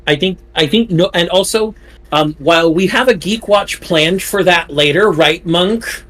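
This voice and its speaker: A man on a casual gaming podcast, animated and quick to jump in with counterpoints. His voice sits a little high for a man. He keeps an argumentative, lively edge in the chat. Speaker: podcast co-host.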